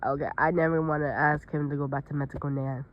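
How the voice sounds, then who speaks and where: A woman doing a blunt, low-voiced cheeky boy. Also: level tone, fast, lo-fi sound, lightly acted.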